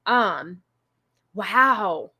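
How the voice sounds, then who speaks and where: A woman's voice: mid-range voice, animated, extremely slow, sharp tone, husky. A woman hosting a casual live stream, greeting viewers and musing aloud with many fillers and restarts. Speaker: stream host.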